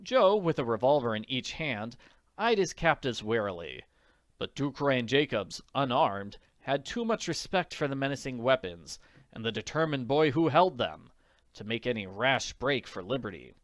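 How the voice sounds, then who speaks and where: A man reading an audiobook in an expressive narrating voice. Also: medium pitch, moderate pace, dry recording, clean studio sound. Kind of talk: scripted narration.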